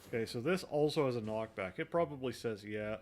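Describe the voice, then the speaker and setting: A man's voice: mid-range voice, brisk, a little mellow. A man streaming a game, chatting casually and self-deprecatingly with his viewers while he plays. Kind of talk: casual gameplay commentary. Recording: faint music in the background.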